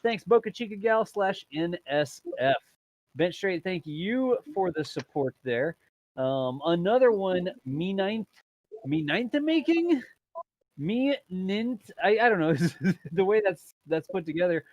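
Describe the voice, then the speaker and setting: Guy hosting a livestream, high animated voice, lots of laughing, dry close mic. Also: slow pace, no echo. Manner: animated, laughing, reading out viewer messages. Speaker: livestream host. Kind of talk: casual livestream chat.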